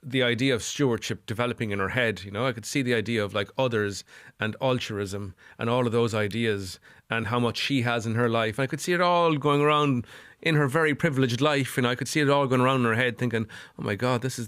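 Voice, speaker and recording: A man's voice: mid-range voice, fast talker, a bit bright, dry recording, clean studio sound. A middle-aged Irish man speaking as a psychotherapist guest on a podcast, earnest and repeating phrases for emphasis. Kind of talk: podcast interview.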